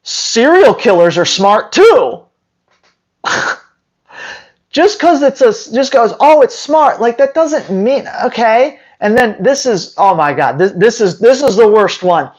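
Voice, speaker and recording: A man's voice: high-pitched, animated, slow pace, rough recording. A dog trainer talking to his viewers in a casual, sarcastic rant, with emphatic, rambling delivery. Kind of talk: casual opinion rant to camera.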